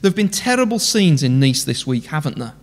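A man's voice: on the high side, sing-song, a little fast. A man preaching an impassioned sermon in a church, full of rhetorical questions. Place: church hall. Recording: long church hall reverb.

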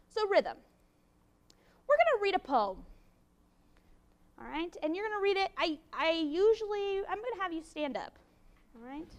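Woman, very high voice, university lecturer, lively and playful, classroom. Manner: lively, encouraging, playful teacher talk. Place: college classroom.

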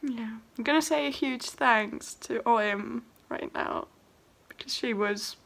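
A woman's voice: on the high side, slow, gravelly, fairly bright tone. A young woman vlogging about her first song, tearful and laughing, overwhelmed with emotion. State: crying. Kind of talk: emotional personal vlog.

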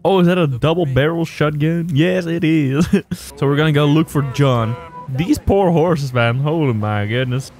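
A man's voice: on the high side, normal speed, a little mellow. A man giving jokey let's-play commentary while playing a video game, laughing often. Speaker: gaming YouTuber. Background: faint game music.

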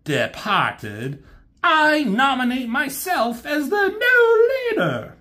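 A man voicing a scheming, treacherous male robot lieutenant in a comic retelling, shrill and gloating. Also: huge pitch swings, slow, bright, forceful tone, heavily acted.

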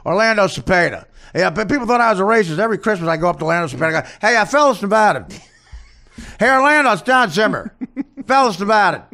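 A man doing an impression of a crude, boastful older baseball coach who talks loudly and rambles. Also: sits high, animated, fast, voice pushed up, exaggerated voice. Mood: rambling. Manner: loud, rambling, gossipy.

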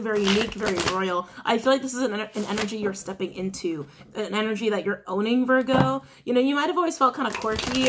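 A woman's voice: mid-range voice, noisy background. A woman giving a casual tarot reading to her viewers, chatty and rambling with many fillers. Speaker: tarot reader.

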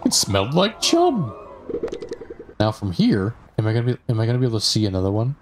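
Chatty low-voiced man narrating gameplay. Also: racing, background noise. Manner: rambling, chatty, self-talking with fillers. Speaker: gaming streamer. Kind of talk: casual gameplay commentary.

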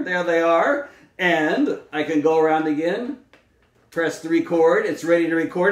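Man explaining patiently in a roomy space. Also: fairly high pitch. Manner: patient step-by-step explaining with fillers. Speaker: speech-language pathologist. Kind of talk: instructional demonstration. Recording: roomy, mic at a distance.

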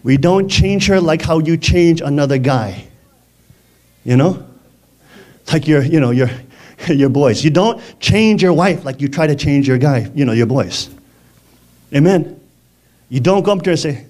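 A man preaching a lively sermon in a conversational way, often laughing and asking the congregation questions. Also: fairly high pitch, measured pace, pauses often.

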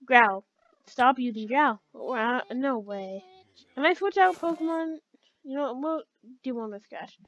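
High-voiced woman narrating her gameplay. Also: measured pace, fairly bright tone, dull audio. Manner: chatty, talks to her game characters. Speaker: gamer. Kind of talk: let's play commentary.

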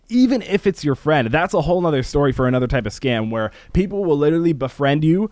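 A gaming YouTuber ranting in casual commentary, animated, laughing often and swearing while acting out what others say. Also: male voice, fairly high pitch, quick pace, few pauses, dry recording.

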